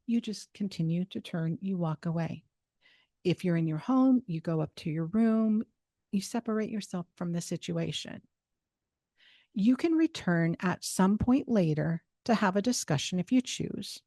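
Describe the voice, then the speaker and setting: A woman hosting a self-help talk, giving steady, instructive advice and repeating phrases for emphasis. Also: on the low side, measured pace, dry recording, studio quality. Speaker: host.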